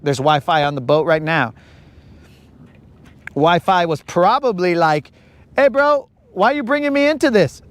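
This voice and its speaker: A man hosting a live fishing stream from a boat outdoors, rambling and joking in slang. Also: a little high. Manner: slangy, rambling, joking, says bro a lot. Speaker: fishing livestream host. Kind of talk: casual live-stream banter.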